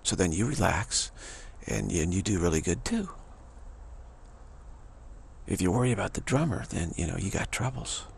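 A man's voice: low voice, lively intonation, normal speed, gravelly, pauses often, slightly rough. A man talking in a loose, rambling monologue to an audience, repeating himself and breaking into scat-like asides. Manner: loose, repetitive, drum-like scatting and asides. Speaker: speaker addressing an audience.

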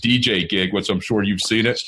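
A male podcast host with a low, husky voice, chatting casually with his guest. He rambles through stories with restarts and quoted dialogue. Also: fairly even intonation, moderate pace, sharp tone. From Baltimore. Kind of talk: conversational interview.

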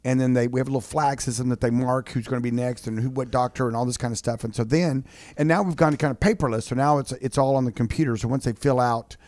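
A man's voice: medium pitch, fairly even intonation, fast, darkish tone, no room sound. A man co-hosting a business talk show, chatty and reacting with enthusiasm. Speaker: co-host, doctor and business owner.

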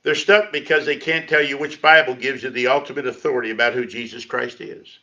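A man's voice: mid-range voice, a little fast, sharp tone. A man preaching a sermon as pastor in his church, talking in a conversational way with sarcastic asides. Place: church sanctuary. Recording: lo-fi livestream audio.

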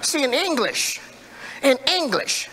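A man preaching a sermon in call-and-response style, building to emphatic shouts. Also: very high voice, sing-song, takes it slowly. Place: church sanctuary. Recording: echoey church hall reverb.

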